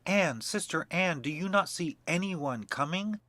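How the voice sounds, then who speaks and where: A man's voice: expressive, a little slow, a bit bright, no echo. A man voicing a frightened young wife who begs for time and calls out in desperation. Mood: desperate. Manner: high, pleading, desperate.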